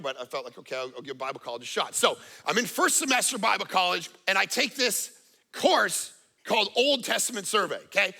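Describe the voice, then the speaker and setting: A middle-aged man preaching a sermon as pastor, telling stories with animated swings from hushed to loud. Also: high voice, gravelly.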